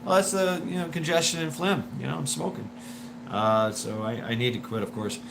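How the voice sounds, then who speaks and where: A man's voice: fairly high pitch, normal speed, creaky, background noise. A man hosting a casual livestream, rambling and stammering with lots of swearing while he answers viewer comments, with a wheezy smoker's voice. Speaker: livestream host.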